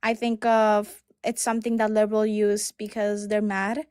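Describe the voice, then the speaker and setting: A woman calling into a live debate stream, speaking haltingly with many fillers and restarts. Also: mid-range voice, completely flat delivery, a little mellow, clean tone, dry recording, clean studio sound. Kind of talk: hesitant debate on a call.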